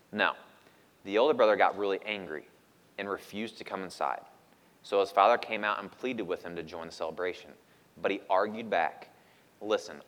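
A man with a mid-range voice preaches a sermon, raising it on questions and dropping to a near hush on key lines. He acts out the people in his stories as he goes. The sound carries a long reverb, as in a church sanctuary. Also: medium pitch. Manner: animated preaching that swings from loud to hushed. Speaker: pastor.

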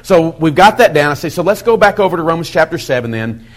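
A middle-aged man teaching as a pastor, folksy and animated, acting out quoted asides. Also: fairly high pitch, fast talker. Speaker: pastor teaching a Bible study method. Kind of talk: sermon-style teaching talk.

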